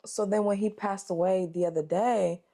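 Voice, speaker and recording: A woman's voice: medium pitch, fairly even intonation, moderate pace, dark tone. Young female co-host, casual storyteller, swears a lot, acts out every quote. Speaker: podcast co-host.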